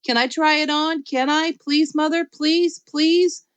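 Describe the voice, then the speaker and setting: A woman voicing an excitable, bossy little kindergarten girl in an audiobook, squealing and pleading. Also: high voice, a little slow, no echo, voice pushed up. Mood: begging. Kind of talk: audiobook character voice.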